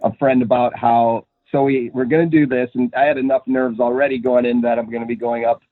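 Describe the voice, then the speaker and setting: Speaking brisk and level in a mid-range voice, a young man from Minnesota, an actor, rambles through a casual interview as the guest, laughing and using many fillers. The sound is dry and echo-free but tinny, like a phone call.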